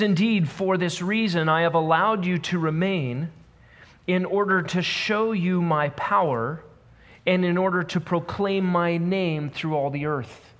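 A man preaching a sermon, reading scripture aloud and speaking in measured, emphatic repetitions. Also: fairly high pitch, fairly bright tone. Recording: long hall reverb.

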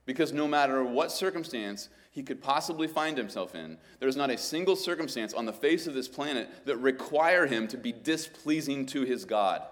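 A man preaching a sermon, teaching through scripture verses and building up to emphatic, exclaimed points. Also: medium pitch.

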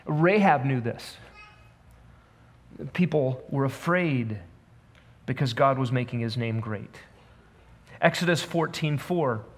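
A man preaching a sermon, reading scripture aloud and speaking in measured, emphatic repetitions. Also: mid-range voice. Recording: long hall reverb.

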